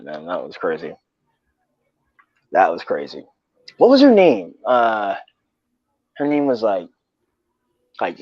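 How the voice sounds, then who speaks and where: A man's voice: low-pitched, slightly rough, no echo. A young man casually telling a rambling, profane story in slangy talk. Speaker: podcast co-host. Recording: dull lo-fi dry sound.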